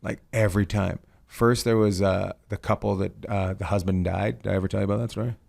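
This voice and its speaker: Middle-aged male host with a gravelly voice, loose, swearing, rambling anecdotes. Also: fairly low pitch, steady tone, brisk, darkish tone. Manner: rambling storyteller, swears freely. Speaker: podcast host. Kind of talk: casual comedic chat.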